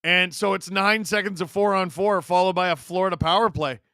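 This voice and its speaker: Here a man delivers fairly quick live commentary on a game in front of him, his sharp, high voice breaking into shouts at major chances. The play-by-play pours out excitedly, captured close up and dry with no echo from the room.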